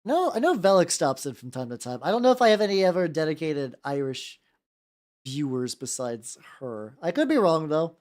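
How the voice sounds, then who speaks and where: A woman's voice: sits low, a little mellow. A young woman chatting casually on a livestream while painting miniatures, rambling, swearing and restarting her sentences. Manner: rambling, profane, self-interrupting with stammered restarts. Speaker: VTuber streamer painting miniatures.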